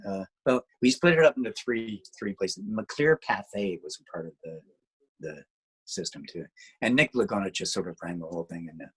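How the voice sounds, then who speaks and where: A man's voice: deep voice, expressive, normal speed, a bit bright, breathy edge, low-quality recording. A man being interviewed about his music and radio work, talking casually in a rambling way with lots of restarts. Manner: rambling, with many restarts and fillers.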